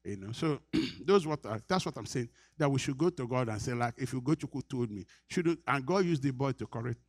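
A man's voice: mid-range voice, animated, a little fast, no echo, studio quality. A middle-aged Nigerian man preaching a sermon as pastor, earnest, repeating his phrases and laughing often.

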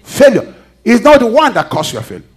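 Preacher, male, high-pitched, call-and-response delivery with sharp swings in volume. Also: huge pitch swings, fairly quick. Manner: call-and-response preaching, reads scripture aloud, swings loud and soft. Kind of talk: sermon.

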